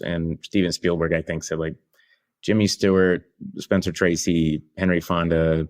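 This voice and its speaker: A middle-aged man, an actor and comedian, chats casually as a guest. His voice sits very low, and he rambles, restarting sentences and laughing as he goes. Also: little pitch movement, normal speed, darkish tone. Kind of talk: casual anecdotal chat.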